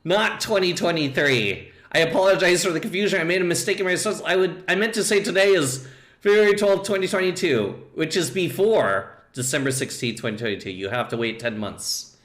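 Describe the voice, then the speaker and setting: A man's voice: animated, brisk, a bit bright, roomy sound. A man reading aloud as a stubborn AI chatbot that insists it is right, in a stiff, insistent way. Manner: reads stiff, insistent replies, dropping low on sign-offs.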